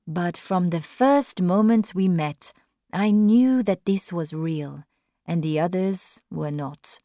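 A woman doing a gentle, charming Frenchman. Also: lowish voice, takes it slowly, dry recording, studio quality. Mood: earnest.

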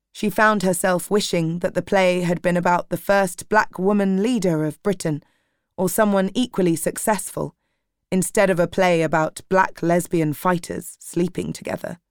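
A woman narrating an audiobook in a steady, measured way. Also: on the low side, clear, resonant tone, no room sound, studio quality.

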